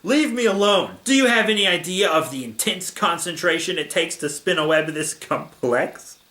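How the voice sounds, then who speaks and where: A man voicing a grumpy male giant spider who shouts back irritably. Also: sits high, lively intonation, normal speed, roomy sound, pitched above the performer's own voice. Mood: irritated.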